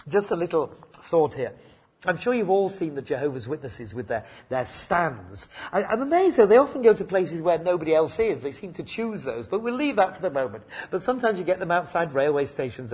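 A man's voice: a little high, a little mellow, breathy edge. An older man preaching a sermon in a chatty, anecdotal way, full of asides and self-corrections.

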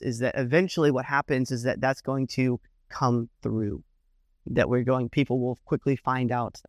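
A man's voice: mid-range voice, no room sound. Male preacher, mid-range voice, dry close sound, chatty sermon delivery with restarts. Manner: conversational, repeats "the thing is, is that".

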